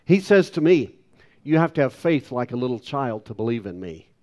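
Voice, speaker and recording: A man's voice: mid-range voice, very animated, moderate pace, darkish tone. A man in his sixties preaching a sermon with emphatic delivery and self-deprecating asides. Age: 60s. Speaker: pastor.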